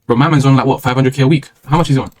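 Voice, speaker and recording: Fast-talking slangy British young man. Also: mid-range voice, steady tone, darkish tone. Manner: slangy, rambling and opinionated. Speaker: live streamer. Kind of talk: casual live-stream chat.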